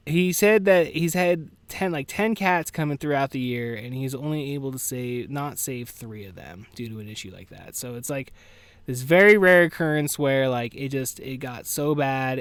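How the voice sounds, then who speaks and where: A man's voice: mid-range voice, normal speed, fairly bright tone, clean tone, dry recording. A man hosting a podcast alone, rambling casually and subdued with grief, cursing often and saying "dude". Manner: rambling, profane, peppers talk with "dude" and "like"; subdued and grieving. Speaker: podcast host. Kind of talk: casual solo podcast monologue. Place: at home with farm animals nearby.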